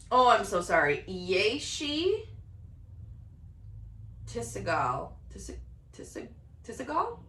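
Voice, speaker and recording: A woman giving a casual, excitable tarot reading to camera from her home office, often laughing. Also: fairly low pitch, takes it slowly, distant mic. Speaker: tarot reader. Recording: roomy echo, voice a bit off-mic.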